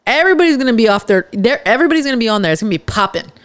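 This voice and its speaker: A woman's voice: fairly high pitch, sing-song, racing, dry recording. A woman hosting a podcast, talking casually and emphatically as she gives her listeners a pep talk. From Los Angeles, California. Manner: chatty and emphatic, with laughs and restarts. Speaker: podcast host.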